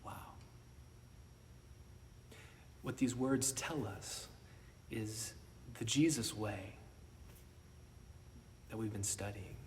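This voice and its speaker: A man giving a sermon as pastor, talking conversationally with restarts and sometimes dropping to a hushed whisper for emphasis. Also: lowish voice, drawn-out words, long pauses, slight background noise. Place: church worship space. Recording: roomy long reverb, mic at a distance, faint ambience.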